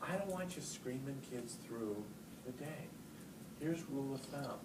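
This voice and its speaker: Animated man giving a talk in an echoey hall. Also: mid-range voice, measured pace. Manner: animated storyteller, rises loud for punch lines. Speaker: speaker for teachers and parents. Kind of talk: live talk to an audience. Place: large hall with audience. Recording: echoey hall, distant mic, noisy.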